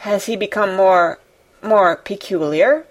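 A woman voicing a troubled, brooding middle-aged gentleman who speaks quietly and earnestly, with a halting delivery. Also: mid-range voice, muffled recording, natural voice. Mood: anxious.

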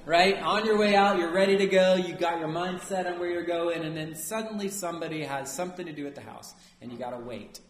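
A man preaching a sermon as a priest, lively and conversational, often asking his listeners "right?". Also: fairly high pitch, brisk, few pauses, roomy sound.

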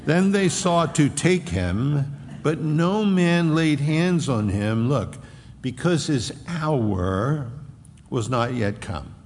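A man preaching a sermon, animated and emphatic, often repeating phrases to drive a point home. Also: a little high, slow. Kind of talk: expository sermon. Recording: long reverb of a large hall.

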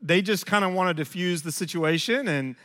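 A man in his forties preaches with a high, bright, forceful voice. He talks in a relaxed, conversational way and makes fun of his own failings. A long reverb from the church hall hangs on every phrase. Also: fairly quick. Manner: conversational, self-deprecating storytelling. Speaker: pastor. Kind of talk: sermon.

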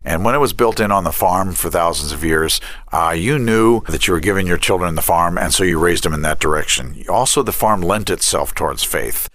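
A middle-aged man, a family ministry director and counselor, talks about faith and parenting in an interview, telling lively stories and acting out the dialogue. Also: low-pitched, a little fast. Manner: animated storyteller who acts out quoted dialogue.

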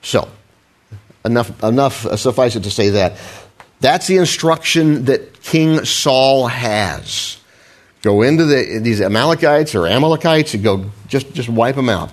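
A man's voice: medium pitch, lively intonation, unhurried. A man preaching a conversational sermon, with frequent restarts, asides and questions to the congregation. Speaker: pastor.

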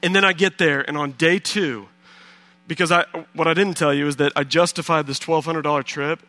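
Guy preaching, bright clear voice, tells a story and acts out how he reacted. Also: a little high, brisk, no room sound. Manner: animated, acts out his own reactions. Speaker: pastor. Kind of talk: storytelling sermon.

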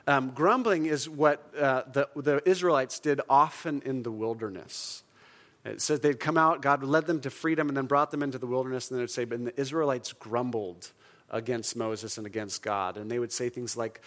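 A man's voice: medium pitch, animated, normal speed, fairly bright tone. A man preaching a sermon to his congregation in an earnest, conversational way, leading the room in call-and-response. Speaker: pastor.

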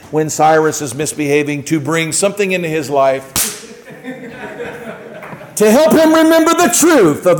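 A man's voice: high voice, a little hiss or hum, rough recording. A man preaching a conversational sermon to his congregation, acting out short everyday exchanges as he goes. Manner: conversational, acts out little quoted exchanges. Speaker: pastor.

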